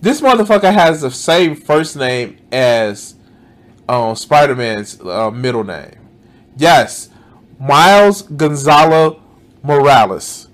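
A man's voice: mid-range voice, animated, takes it slowly. Exasperated swearing man reacting on stream. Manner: exasperated, swears often, frequent "like". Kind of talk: casual reaction commentary.

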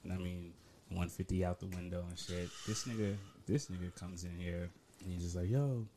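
A man's voice: sits low, level tone, normal speed, background noise. A man on a casual podcast, talking profane slang and asking "feel me" often. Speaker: podcast guest.

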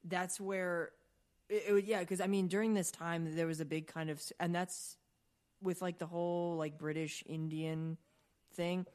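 A woman with a fairly low voice co-hosts a podcast in loose, casual chat. She rambles through lots of fillers and restarts and swears freely. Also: fairly even intonation, unhurried, darkish tone. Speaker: podcast co-host.

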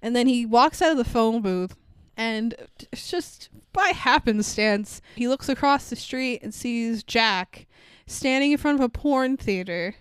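A woman's voice: a little high, unhurried, smooth, no room sound. A woman co-hosting a podcast, chatting casually about a film, swearing freely and laughing often. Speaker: podcast co-host. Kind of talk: casual chat, film review.

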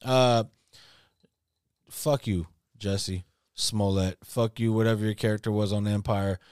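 A man's voice: lowish voice, steady tone, a little slow, a little mellow, clear, resonant tone, no echo, clean studio sound. A man hosting a podcast, rowdy and profane in casual banter. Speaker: podcast host.

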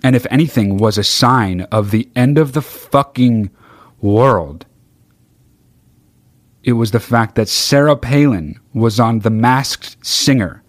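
A podcast host delivers a rambling, sarcastic comedic monologue in a medium-pitched, expressive, slow voice with no echo. He swears constantly and sings mock-solemn snatches of songs.

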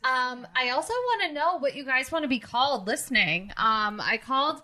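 A woman from New Jersey hosting a podcast, chatting casually and gushing with excitement. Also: high-pitched, moderate pace, slight background noise. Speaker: podcast host.

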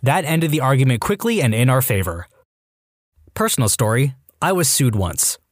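Lively man narrating stories. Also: mid-range voice, moderate pace, no echo, studio quality. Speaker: narrator reading online stories. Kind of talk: scripted narration.

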